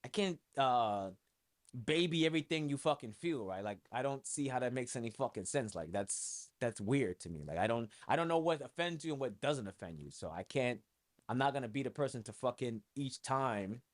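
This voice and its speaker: With a medium-pitched, expressive voice at a moderate pace, a man from New York who hosts his own podcast and produces music chats solo in a rambling, profane manner, his New York accent and many fillers prominent.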